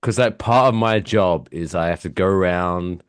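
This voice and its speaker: A man's voice: deep voice, normal speed, clean tone, no room sound, clean studio sound. A young man from England with an English accent, chatting casually as a podcast co-host and acting out customers with lots of swearing. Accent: English, from east of London. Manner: swearing, acts out customers in bursts. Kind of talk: casual chat.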